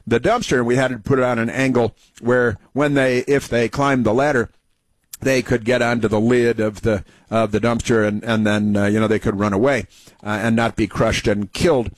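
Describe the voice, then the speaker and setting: A man's voice: medium pitch, steady tone, normal speed, dry recording. A man from the United States hosting a talk radio show, telling stories in a rambling way with many fillers and restarts. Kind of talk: rambling conversational monologue.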